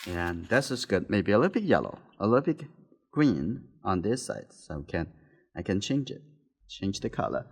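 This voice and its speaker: Soft-spoken man teaching painting. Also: fairly low pitch, big pitch swings, normal speed, husky. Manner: soft-spoken, talks while painting, nonnative phrasing. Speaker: art teacher. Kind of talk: painting demonstration.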